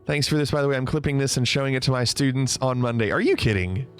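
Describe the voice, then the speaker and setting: A man's voice: medium pitch, quick pace, faint music behind. A man casually chatting on a livestream, reading out viewer comments, teasing and laughing often. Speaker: streamer.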